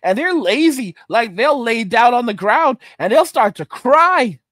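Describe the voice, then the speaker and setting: High-voiced man ranting emphatically. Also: big pitch swings, measured pace, fairly bright tone, no room sound, studio quality. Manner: emphatic, repeats phrases, keeps asking "all right?"; slips into mocking put-on voices. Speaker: host of a commentary livestream. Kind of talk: ranting commentary, reading viewer chat.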